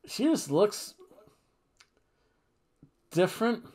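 A man's voice: sits high, sing-song, extremely slow, darkish tone. A man casually reviewing a wrestling show, rambling and joking, a little tipsy from red wine. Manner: jokey, rambling, breaks into goofy singing and chants. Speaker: podcast co-host reviewing wrestling.

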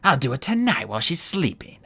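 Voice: mid-range voice, very animated, fairly quick, creaky, slightly rough, pitched above the performer's own voice, heavily acted. A reader doing a harsh snapping she-dragon. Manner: sharp, snapping. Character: harsh adult female dragon Kestrel.

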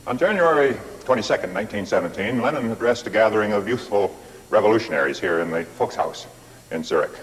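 Low, dry-witted older male documentary narrator. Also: lively intonation, breathy edge, poor audio. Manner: measured, dry and wry. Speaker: documentary presenter.

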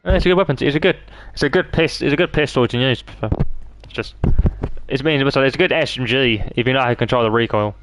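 A man's voice: mid-range voice, quick pace, noisy background. A man giving profane, trash-talking commentary while streaming a game live.

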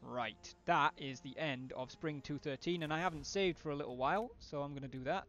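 A man's voice: on the high side, fairly quick, a bit bright, faint music behind. A man thinking aloud with wry asides as he streams a strategy game live.

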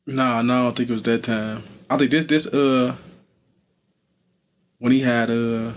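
A man's voice: medium pitch, fairly even intonation, a little slow. A young adult man, a guest in an interview, talking loosely with lots of fillers. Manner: laid-back, loose, with many fillers like "you feel me". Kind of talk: casual street interview talk.

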